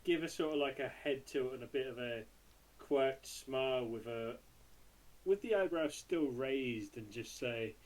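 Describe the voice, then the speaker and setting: A man's voice: medium pitch, a little slow, a little mellow, rough recording. A man playing his character in a tabletop game, hesitant and dry, with many fillers. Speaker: player.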